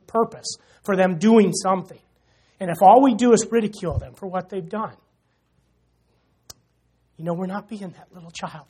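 His voice sits high with a breathy edge as he preaches in church. The tone is casual and conversational, with jokes for the congregation and frequent "you know".

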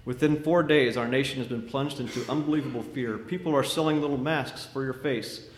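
A man preaching a sermon, telling a vivid story with dramatic swings from loud to hushed. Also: medium pitch, brisk. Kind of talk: sermon illustration. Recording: echoey hall with faint noise.

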